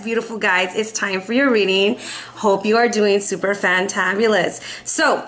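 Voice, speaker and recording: A woman's voice: mid-range voice, fairly even intonation, normal speed, a bit bright, echoey room, a little hiss or hum. A woman in her forties giving a casual, upbeat tarot reading, chatty and often checking in with "okay?". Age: 40s. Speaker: tarot reader.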